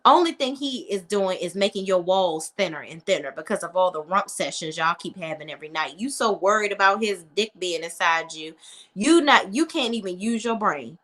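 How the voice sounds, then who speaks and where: A woman's voice: fairly low pitch, animated, moderate pace, fairly bright tone. A woman recapping a TV episode in a casual, sassy, blunt way, acting out what the characters say. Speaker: TV recap commentator.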